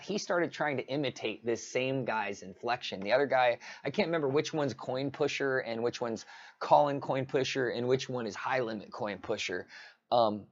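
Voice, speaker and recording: A man's voice: medium pitch, dull audio. A man ranting casually on a livestream, rambling with many restarts. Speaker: live streamer.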